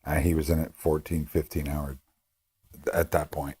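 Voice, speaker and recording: A man's voice: rumbling low, level tone, moderate pace, a little mellow, a little hiss or hum. A man on a panel of makeup artists, telling a work story with emphasis. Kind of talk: casual panel chat.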